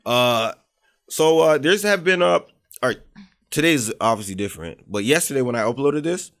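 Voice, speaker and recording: A young man co-hosting a podcast in casual chat, laid-back but quick to protest. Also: animated, fairly bright tone. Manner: laid-back, protests with rising pitch, repeats "hold on". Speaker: podcast co-host.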